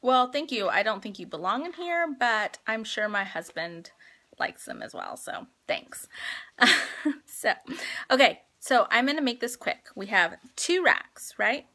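Woman, 30s, live-stream host at home on a handheld phone: slightly high, bright and forceful, chatty, laughs a lot, heavy on fillers. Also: expressive, a little slow. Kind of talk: casual live-stream chat. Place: at home indoors.

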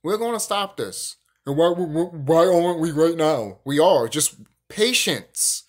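A young YouTube host speaks unhurriedly in a somewhat high, expressive voice, ranting with profane emphasis through a relaxed talk on spiritual matters. He frequently breaks off and begins his sentences again.

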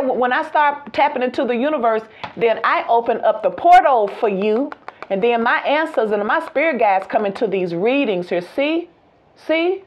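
A high-pitched woman gives a tarot reading with lively, sing-song delivery and frequent laughter. The sound is a little dull and lo-fi. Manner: animated, laughs often, sings out phrases. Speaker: tarot reader.

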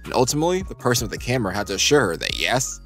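A man reading a scripted countdown narration in an even, steady delivery. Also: mid-range voice, very fast, soft background music.

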